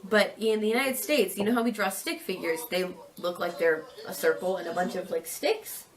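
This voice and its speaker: A woman's voice: medium pitch, steady tone, normal speed. A young woman on a student exchange, chatting casually with a friend, giggly and thinking aloud with lots of hedges. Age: young adult. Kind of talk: casual chat.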